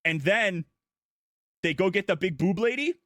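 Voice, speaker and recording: A man's voice: sits high, lively intonation, measured pace, fairly bright tone, no echo, studio quality. A man streaming as a vtuber, goofily recapping a story in long run-on sentences. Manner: goofy, irreverent, breathless run-on storytelling. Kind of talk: casual rambling plot recap.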